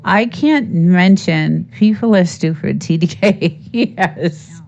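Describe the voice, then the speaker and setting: A woman's voice: fairly low pitch, slow pace, vocal fry, a little mellow, muffled recording. Tired woman chatting on a live stream. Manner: rambling, reads chat aloud, laughs often. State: tired after work. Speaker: livestream host. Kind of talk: casual live-stream chat.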